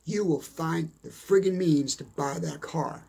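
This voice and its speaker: A middle-aged motivational speaker gives a blunt, emphatic monologue, repeating his points and cursing mildly. His voice is gravelly and husky, a little high, a little slow, and mellow.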